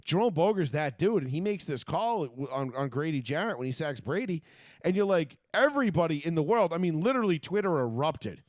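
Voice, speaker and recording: Sports talk co-host, male, swearing and worked up; slightly higher pitch, very dry sound. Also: fairly quick, no room sound. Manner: profane, ranting, animated. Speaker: podcast co-host. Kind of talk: casual sports chat.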